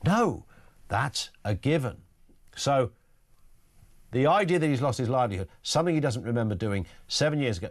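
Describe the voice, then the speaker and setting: A British man hosting a talk radio phone-in, musing bluntly and conversationally with jokey asides. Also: medium pitch. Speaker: radio talk show host. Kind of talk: opinion monologue and phone-in. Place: radio studio.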